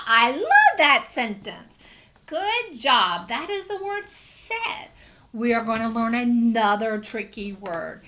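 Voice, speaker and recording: A woman's voice: a little high, fairly bright tone. A woman teaching young children phonics over a webcam, patient and encouraging, sounding out letters one by one. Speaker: kindergarten teacher. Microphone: computer webcam.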